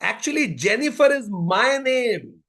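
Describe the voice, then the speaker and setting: A man's voice: very high voice, big pitch swings, a little slow, fairly bright tone, pitched above the performer's own voice, exaggerated voice. A man putting on an irritated young mother. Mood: indignant. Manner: exasperated, repeating herself. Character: irritated young mother scolding herself, woman.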